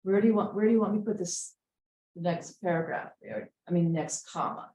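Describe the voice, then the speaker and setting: A woman with a lowish, warm voice teaches a writing class, editing a student essay aloud. Speaking fairly quickly, she patiently rereads sentences again and again to check the commas. The room is echoey and the recording rough.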